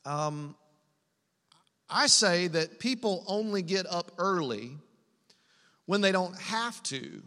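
A man preaches in a lively, conversational way, throwing asides to his listeners. His voice sits high and sounds bright and forceful. The sound carries a long reverb from a church hall. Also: slow pace, long pauses. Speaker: pastor. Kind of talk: sermon.

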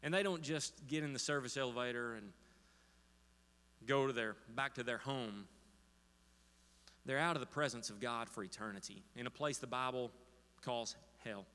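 Male pastor, sermon storytelling, halting with fillers, long church hall reverb. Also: medium pitch, bright, forceful tone, smooth. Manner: storytelling with many fillers and restarts. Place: church sanctuary.

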